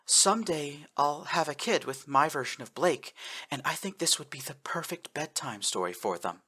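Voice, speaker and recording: A man voicing a shy, bashful young woman speaking softly in a read-aloud story. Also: fairly high pitch, animated, moderate pace, slightly rough, pitched above the performer's own voice, exaggerated voice. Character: shy, hopeful young woman from a farm game.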